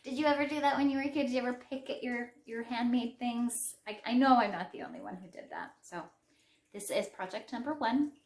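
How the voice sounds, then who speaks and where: A woman's voice: a little high, expressive, a little fast, darkish tone. A middle-aged woman with a Western Canadian English accent, hosting a crochet podcast in a chatty, rambling show-and-tell manner with self-deprecating asides. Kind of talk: casual show-and-tell chat. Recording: roomy echo.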